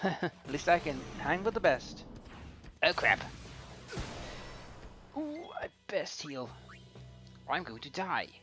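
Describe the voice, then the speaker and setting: Man with lively, swooping commentary. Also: on the high side, slow pace, long pauses, soft background music. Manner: chatty, reacting to the game as he plays. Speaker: let's play host. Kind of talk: casual gameplay commentary.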